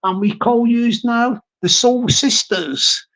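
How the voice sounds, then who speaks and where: A man hosting a casual live stream, who repeats his phrases and gives shout-outs to his chat. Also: very high voice, slow pace.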